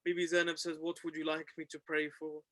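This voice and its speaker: A man with a high, bright voice delivers a mourning sermon. He recounts a tragic story, his delivery swelling into impassioned cries. The sound is close and dry. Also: monotone, fast talker, no echo, low-quality recording. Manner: recites a tragic narrative, rising to impassioned cries. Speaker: religious speaker.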